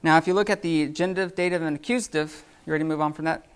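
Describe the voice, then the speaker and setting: A man teaching a live Greek grammar class, talking in a halting way with many fillers and restarts. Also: fairly high pitch, steady tone, clear, resonant tone.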